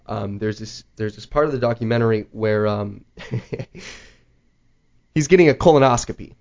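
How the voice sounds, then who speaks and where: A man hosting a show, telling a story in casual chat, rambling with lots of "like" and an animated manner. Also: lowish voice, a little slow. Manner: rambling, heavy use of "like", animated retelling. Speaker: podcast host. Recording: slightly dull lo-fi audio.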